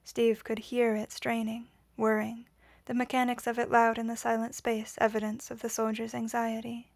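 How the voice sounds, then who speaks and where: Woman, storybook reading, quiet and measured, fairly high, very even pitch. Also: creaky, no echo. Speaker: reader. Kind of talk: audiobook reading of fan fiction.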